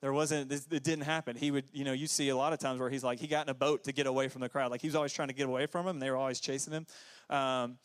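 A man giving a casual, conversational sermon as pastor, full of fillers and quick asides. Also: little pitch movement, smooth. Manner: conversational, many fillers, jumps into high put-on voices for quotes.

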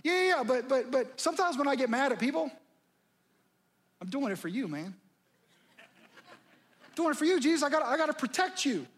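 Brief: a man doing a defensive believer, insistent and stammering, lively pitch. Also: normal speed, long pauses, full character voice. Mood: pleading, defensive. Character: defensive, hot-headed male believer arguing back.

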